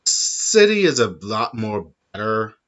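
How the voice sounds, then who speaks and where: A man hosting a casual gaming chat, animated and rambling, swearing freely. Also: on the low side, slow. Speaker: podcast host. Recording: dull lo-fi sound.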